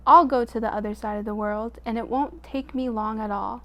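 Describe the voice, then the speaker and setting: A woman's voice: fairly high pitch, steady tone, fairly quick, a bit bright. Boastful storybook buzzard, pompous show-off, a woman putting him on. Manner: boastful, self-important. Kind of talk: storybook reading.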